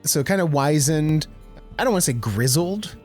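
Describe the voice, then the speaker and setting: A man playing in a tabletop game, joking around and quick with asides. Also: a little high, soft background music. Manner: jokey, animated. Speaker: player.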